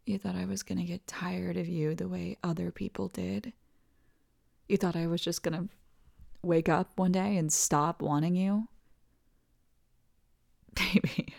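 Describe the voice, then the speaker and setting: A woman in a whispered role-play as a doting partner, talking softly and tenderly and often dropping into whispers. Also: on the low side, gravelly. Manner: soft, tender, soothing, slips into whispers. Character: doting, reassuring partner comforting the listener.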